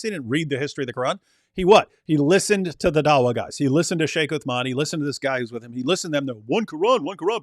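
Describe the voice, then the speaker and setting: A man's voice: on the high side, dry recording, clean studio sound. A man giving emphatic commentary over replayed clips, asking rhetorical questions and repeating his points. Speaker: commentator reacting to street debate clips.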